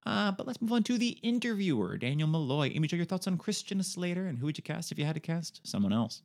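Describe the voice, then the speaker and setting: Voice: mid-range voice, big pitch swings, fast talker, darkish tone. A podcast co-host leading a casual, joking film discussion. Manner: wry, joking.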